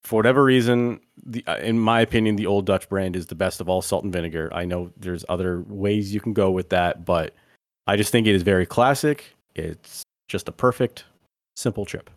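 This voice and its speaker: A man with a fairly low voice hosts a relaxed podcast conversation and keeps it moving by calling on his co-hosts in turn. The sound is dry and close, with no room echo. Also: brisk. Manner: steers the segment, calls on co-hosts by name. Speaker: podcast host. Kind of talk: casual podcast chat.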